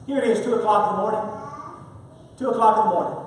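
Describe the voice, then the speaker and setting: A man's voice: high voice, fairly even intonation, quick pace, a little hiss or hum. A man preaching an emphatic sermon, repeating phrases and swinging his volume up and down. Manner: emphatic, repetitive, rises and falls in volume. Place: church sanctuary. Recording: echoey hall, picked up from far off.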